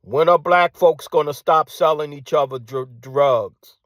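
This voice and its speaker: Ranting man, rather high, dry sound. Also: a little slow, dry recording. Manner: combative, repeats phrases and rhetorical questions; drops to hushed tone at times. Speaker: commentator. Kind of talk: ranting monologue.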